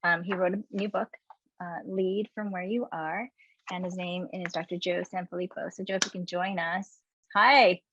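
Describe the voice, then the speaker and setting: A woman's voice: on the low side, fairly even intonation, moderate pace, dull audio, background noise. A woman hosting a webinar, introducing a guest in a chatty, upbeat way and laughing easily. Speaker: webinar host.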